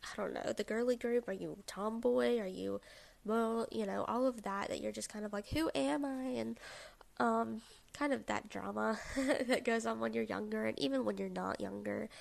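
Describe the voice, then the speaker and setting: A woman with a gravelly, mid-range voice hosts her own podcast, delivering a chatty, self-deprecating solo monologue packed with fillers and asides.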